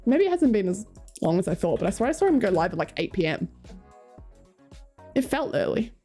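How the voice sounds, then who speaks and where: A woman's voice: mid-range voice, big pitch swings, a little fast, mellow, slightly rough. A young Australian woman streaming, chatting casually with her viewers in a playful, rambling way. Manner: playful, rambling, laughs often, swears. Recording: faint music behind.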